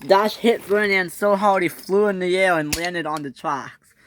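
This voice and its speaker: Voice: mid-range voice, moderate pace, a bit bright, slight background noise. A narrator telling a toy train story in a dramatic storytelling style, switching into character voices. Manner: dramatic, breaks into character voices and sound effects.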